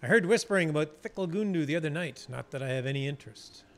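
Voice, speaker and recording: A man voicing a wary dwarf, game dialogue read aloud, gravelly tone, slightly high. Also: lively intonation, fast. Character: male dwarf townsman, gruff and wary. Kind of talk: reading quest text aloud while streaming.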